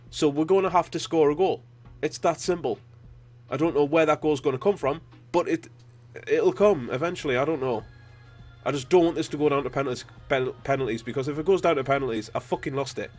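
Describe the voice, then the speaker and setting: A man narrating his own football video game as he plays, grumbling and cursing at his team and then bursting out when something goes right. His voice sits at an ordinary middle pitch, with faint music playing underneath. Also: brisk. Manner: frustrated, sweary, bursts of excitement. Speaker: gaming YouTuber. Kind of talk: live game commentary.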